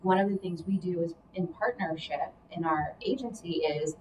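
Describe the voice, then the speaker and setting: A woman's voice: on the low side, normal speed, a little mellow. A woman giving casual career and money advice in a chatty, explanatory way, adding hedging asides. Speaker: career coach guest. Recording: distant mic with faint background noise.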